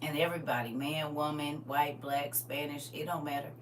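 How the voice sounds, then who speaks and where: A middle-aged woman preaching through funny stories, chatting directly with the crowd and now and then bursting out loudly. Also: deep voice, moderate pace. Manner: lively and chatty, teasing the crowd directly, sudden loud outbursts. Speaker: speaker at a live church gathering. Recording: far-off mic with faint hum.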